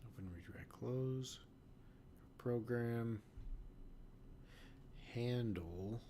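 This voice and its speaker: A man's voice: mid-range voice, very slow, dark tone, a little hiss or hum. A sleepy man studying code, reading notes half-whispered and thinking aloud. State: sleepy, yawning. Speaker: student learning to code.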